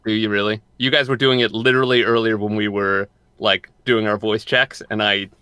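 Bright-voiced rambling podcast guy. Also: on the low side, fairly even intonation, brisk, clear, resonant tone, no echo. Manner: rambling, self-correcting, repeats words. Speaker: podcast co-host. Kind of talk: casual podcast chat.

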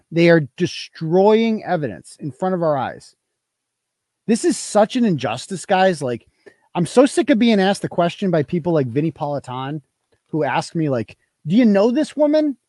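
A man's voice: sits high, darkish tone, dry recording. Heated, swearing male show host. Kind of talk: profane ranting commentary.

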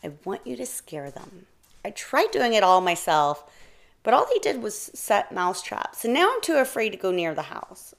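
A woman voicing a tiny, excitable female mouse with a squeaky, eager way of talking. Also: normal speed. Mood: pleading. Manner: squeaky, breathless, pleading.

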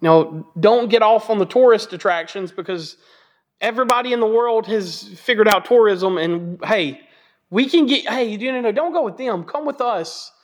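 Male preacher, high voice, casual jokey delivery, repeats key points for emphasis. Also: moderate pace. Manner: conversational and joking; emphatic repetition. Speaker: Bible teacher. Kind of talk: Bible teaching sermon.

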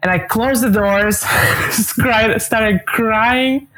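A woman's voice: on the high side, extremely slow. A young woman, a guest telling a personal story in a casual, chatty interview, filling her talk with "like". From Croatia. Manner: chatty, animated, many "like" fillers. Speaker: guest, basketball player.

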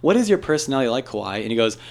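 A man of twenty-three, a guest on a podcast, talking in joking, animated banter. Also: medium pitch, gravelly, a crowd in the background. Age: 20s. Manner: joking, animated, quick to laugh.

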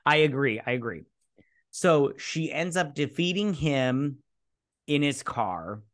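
A man co-hosting a casual movie review chat while drinking. He is excitable, retells the plot, acts out the lines and swears casually. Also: mid-range voice, slow pace. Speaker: podcast co-host.

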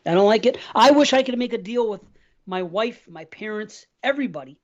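High-voiced, foul-mouthed rambling man. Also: expressive, brisk, dull audio. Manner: rambling and heavily profane. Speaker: podcast co-host. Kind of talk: casual podcast chat.

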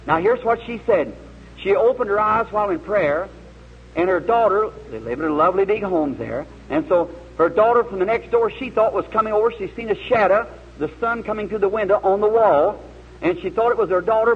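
A man's voice: high-pitched, breathy edge. A man preaching a sermon, telling a story in a folksy, earnest way with acted voices. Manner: folksy, earnest, dramatic retelling with quoted voices. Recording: muffled old tape in a hall.

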